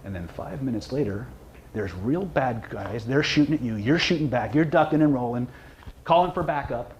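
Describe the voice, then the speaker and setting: A man's voice: medium pitch, expressive, normal speed, darkish tone, lo-fi sound, a little hiss or hum. A man giving a live seminar talk, joking with and quizzing the audience. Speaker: seminar presenter, hypnosis trainer.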